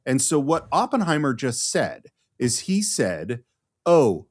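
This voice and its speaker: A man's voice: mid-range voice, sing-song, a little slow. A man co-hosting a podcast, explaining a film in a casual, enthusiastic way with frequent restarts. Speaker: podcast co-host.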